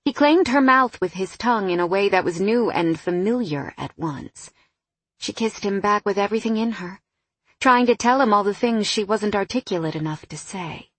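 Brief: audiobook narrator, woman, mid pitch, husky edge, dry close sound. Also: animated, moderate pace, fairly bright tone, dry recording. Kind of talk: scripted narration.

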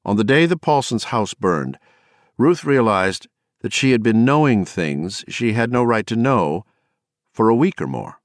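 A man reading a novel aloud as an audiobook narrator, measured and dramatic in his storytelling. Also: fairly low pitch, big pitch swings, no room sound, studio quality.

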